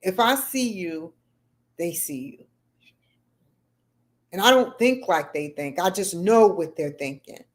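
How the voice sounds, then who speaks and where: A woman's voice: on the low side, normal speed, few pauses. A middle-aged woman chatting casually and rambling on a livestream, answering viewer comments as she goes. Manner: rambling, talks back to chat comments. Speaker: livestream host.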